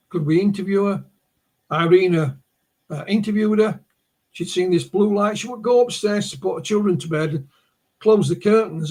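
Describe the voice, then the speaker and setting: A man's voice: sits high, gravelly, darkish tone, husky. A man with a northern English accent, a guest on a podcast interview, recounting a case as a story and often restarting his words. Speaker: guest researcher.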